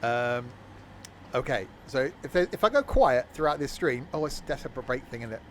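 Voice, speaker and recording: A man's voice: mid-range voice, lively intonation, a little fast, a bit bright, slight background noise. A tired man giving rambling, self-mocking commentary while streaming a train game, chuckling often. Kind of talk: casual live-stream commentary.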